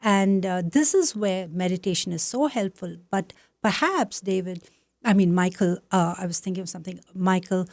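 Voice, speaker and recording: A woman from South India talks as a guest, warmly affirming and explaining meditation like a teacher. Her voice is recorded close and dry, with no room sound. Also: fairly low pitch, moderate pace, dry recording. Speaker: Buddhist nun, guest. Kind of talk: conversational interview.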